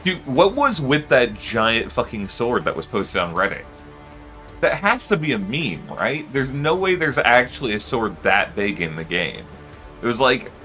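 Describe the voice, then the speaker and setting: A man's voice: mid-range voice, bright, forceful tone. A man streaming and chatting casually, rambling with lots of fillers and loose swearing. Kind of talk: casual livestream chat.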